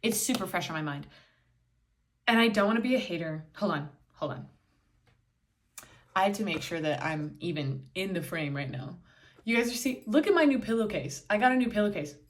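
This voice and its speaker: A woman's voice: mid-range voice, expressive, brisk, pauses often. A young woman hosting a solo podcast, talking candidly and bluntly, swearing freely and acting out quoted voices, filming herself indoors. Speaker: podcast host.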